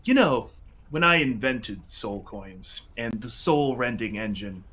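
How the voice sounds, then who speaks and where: A man's voice: medium pitch, animated, slow, fairly bright tone. A man voicing a smug male infernal inventor who boasts about his war machines, self-justifying.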